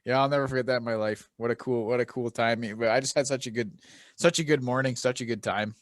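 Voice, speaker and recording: A man's voice: medium pitch, fairly even intonation, fast talker, no echo. A man in his thirties with a Canadian accent, co-hosting a podcast and telling rowdy, swear-filled stories in casual chat. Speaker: podcast co-host.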